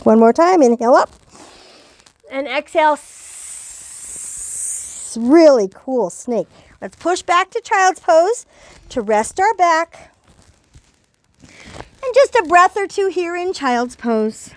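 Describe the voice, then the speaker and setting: A woman's voice: high-pitched, very animated, takes it slowly, pauses often. An older woman, a grandmother, leading a children's yoga lesson with a cheerful, playful coaching voice. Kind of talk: guided kids' yoga lesson.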